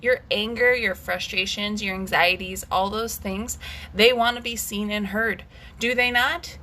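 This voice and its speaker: A woman's voice: fairly high pitch, a little slow, pushed and bright, slight background noise. A woman leading a guided scream and breathwork session, intense and emphatic, swearing freely as she urges listeners to let their anger out. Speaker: breathwork coach.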